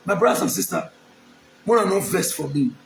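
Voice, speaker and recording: Facing the camera, an aspiring local politician from Edo State, Nigeria, repeats his lines in an emphatic, pleading public appeal, speaking with a Nigerian accent. His high-pitched, creaky voice is very animated and fairly quick. The recording is reverberant with a little hiss or hum.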